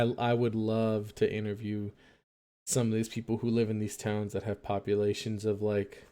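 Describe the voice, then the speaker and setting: Young male host, mellow tone, loose rambling monologue, lots of "like" and "um". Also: lowish voice. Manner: rambling, hesitant, filler-heavy, musing aloud. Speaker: late-night radio-style stream host.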